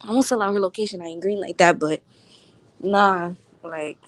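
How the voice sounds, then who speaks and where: A woman's voice: mid-range voice, normal speed. A woman vlogging at home, telling a story in slangy casual chat and laughing often as she talks. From Florida.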